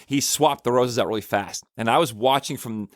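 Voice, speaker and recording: A man's voice: medium pitch, moderate pace, no room sound, clean studio sound. Earnest rambling man hosting podcast. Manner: rambling, earnest, storytelling with restarts. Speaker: podcast host, church minister. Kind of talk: casual reflective podcast monologue.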